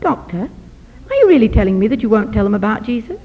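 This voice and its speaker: An earnest young student man who keeps pressing his point, as a woman speaker voices him. The voice stays high and is heard in a dull recording with long hall reverb. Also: big pitch swings, fast talker, exaggerated voice. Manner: earnest, persistent.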